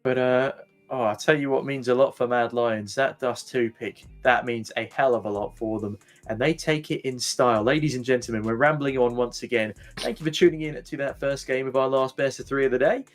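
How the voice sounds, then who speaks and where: A man casting a live esports match, excitable and rambling, a little out of breath, his pitch jumping up when he is thrilled. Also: a little fast. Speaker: esports caster.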